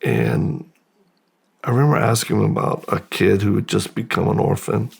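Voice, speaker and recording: A man from the United States, a guest in an interview, slowly and reflectively telling his life story with pauses and restarts. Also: lowish voice, very animated, vocal fry, darkish tone, breathy edge.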